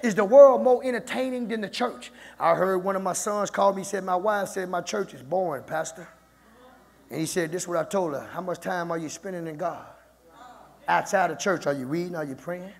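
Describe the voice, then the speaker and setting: Male pastor, high gravelly voice, sermon rising to shouts, long church reverb. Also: a little fast. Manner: preaching that builds to shouting. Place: church sanctuary.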